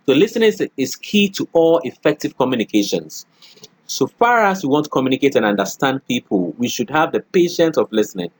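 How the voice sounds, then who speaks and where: A man's voice: mid-range voice, big pitch swings, fairly quick, slightly rough, no echo. A middle-aged man lecturing a college class, often checking in with "okay" and "all right" and acting out spoken examples.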